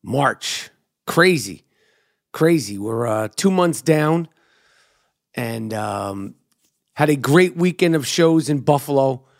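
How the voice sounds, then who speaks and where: A man's voice: mid-range voice, lively intonation, slow, creaky, long pauses, no room sound, studio quality. Brash New York man hosting a podcast. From New York City. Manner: brash, profane, riffing with rhythmic hype. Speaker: podcast host and comedian. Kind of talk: solo podcast monologue.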